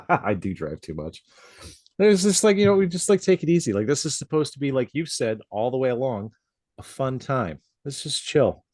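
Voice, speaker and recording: A man's voice: mid-range voice, sing-song, moderate pace, darkish tone, dry recording, clean studio sound. A man co-hosting a tattooing podcast, chatting casually with lots of swearing and laughter. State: coughing from a drink gone down the wrong pipe. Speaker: podcast co-host and tattoo artist. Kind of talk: casual chat. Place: home studio, outside noise nearby.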